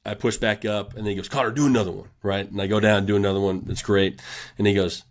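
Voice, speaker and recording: Low-voiced young man telling stories. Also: fast. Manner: animated storyteller who acts out a shouting coach. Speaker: strength coach guest. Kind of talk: casual podcast storytelling.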